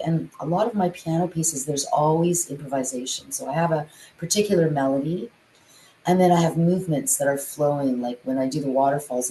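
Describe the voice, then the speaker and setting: Low-voiced woman, chatty, echoey room. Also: warm tone, a little hiss or hum. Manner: chatty, sings rhythms aloud. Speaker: guest, musician and composer. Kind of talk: casual interview chat.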